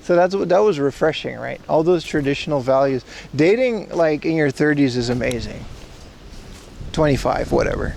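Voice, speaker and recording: A man's voice: a little high, moderate pace, creaky, darkish tone, slight background noise. A man in his thirties from Boston, chatting loosely with his livestream viewers in a rambling, jokey way. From Boston, USA. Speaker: IRL livestreamer. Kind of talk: casual chat with stream viewers. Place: outdoors in Japan.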